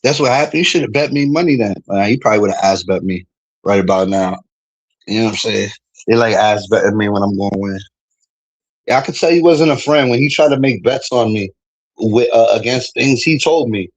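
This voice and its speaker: A man's voice: on the low side, fairly quick, rough recording. A young man with a New York accent, a streamer from the Bronx, trash-talking in a casual, profane livestream rant and laughing between lines.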